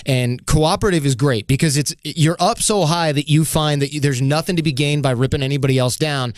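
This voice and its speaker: Man, podcast guest, quick talker, dry close sound, explains at length. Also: a little high, dry recording. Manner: explains at length, acting out little voices of other people. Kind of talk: casual podcast conversation.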